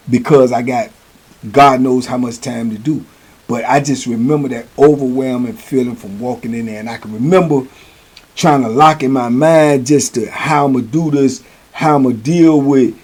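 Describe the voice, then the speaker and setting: Husky man telling a story casually. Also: medium pitch, darkish tone. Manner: conversational, keeps asking "you know what I'm saying". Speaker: host.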